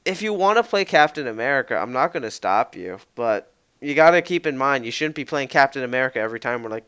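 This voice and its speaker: A man's voice: medium pitch, lively intonation, fast talker, a bit bright, clean tone. A man co-hosting a casual podcast, rambling and correcting himself as he acts out what players say. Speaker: podcast co-host. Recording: dull lo-fi podcast mic.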